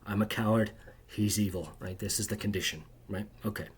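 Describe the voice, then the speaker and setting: A man's voice: on the low side, brisk, slightly rough. A man telling a rambling, bitter personal story to camera, agitated and constantly tagging his sentences with "right?". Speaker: video creator.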